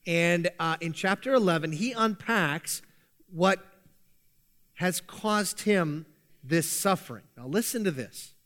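Male pastor, high voice, chatty and emphatic sermon delivery. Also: lively intonation, takes it slowly, a bit bright. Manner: conversational, emphatic, playful sarcasm.

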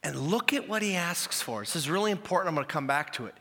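A male pastor preaching a sermon, animated and emphatic, often repeating key phrases. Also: a little high, fast, hardly any pauses, long reverb tail.

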